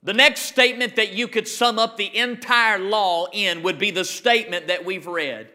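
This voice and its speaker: A male pastor preaching an emphatic sermon, slowing down to read scripture. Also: sits high, bright, forceful tone.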